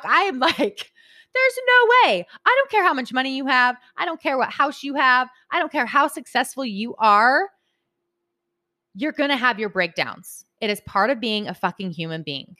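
A woman in her thirties talking candidly about emotions and parenting, swearing freely and growing animated. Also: medium pitch, no echo, studio quality. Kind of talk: casual motivational talk.

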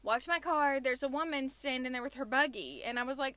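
Young adult woman, podcast host, high voice, animated ranting chat, dry closet booth sound. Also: brisk, no echo.

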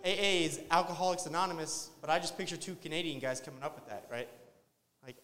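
A man's voice: on the high side, fast, bright, forceful tone, slight background noise. A man doing a crude, rambling stand-up set after a few drinks, talking to the crowd and laughing at his own jokes. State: tipsy. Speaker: stand-up comedian. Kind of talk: open-mic stand-up set. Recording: long hall reverb.

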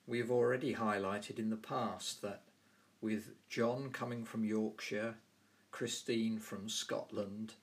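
Southern English host, low voice, very slow and measured. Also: male voice, flat delivery. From London and the South of England. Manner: measured, carefully spoken. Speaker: podcast host. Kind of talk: scripted language explanation.

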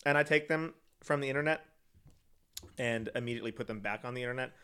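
A man's voice: medium pitch, fast, slight background noise. A man in casual chat with a friend, telling rambling stories and giggling often. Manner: giggly, animated, rambling storyteller.

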